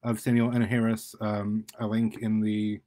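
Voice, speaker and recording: A man, an author, reading his own fiction aloud in a relaxed way, with restarts and fillers. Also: lowish voice, unhurried.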